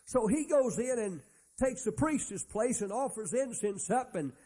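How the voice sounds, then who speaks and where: A man's voice: very high-pitched, animated, unhurried, mellow, slightly rough. A man preaching a sermon, retelling Bible stories in a folksy way and acting out the characters' lines. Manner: folksy storytelling, acts out Bible characters' dialogue.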